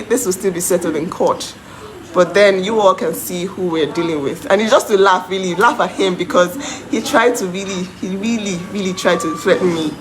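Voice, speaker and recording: Indignant woman ranting over noise. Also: medium pitch. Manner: indignant, emphatic, breaks into bitter laughter. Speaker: vlogger speaking to her followers. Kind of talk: heated personal rant to camera. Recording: noisy background hiss.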